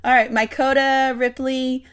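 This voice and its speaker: A woman's voice: high-pitched, little pitch movement, a little slow, fairly bright tone. A woman narrating as game master over a voice call, chatty and laughing often.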